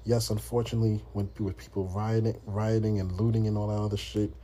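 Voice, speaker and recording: American guy ranting on his podcast, swears a lot, low-ish husky voice, kinda mellow. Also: flat delivery, fairly quick. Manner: blunt, profane, talks in restarts. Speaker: podcast host. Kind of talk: casual monologue.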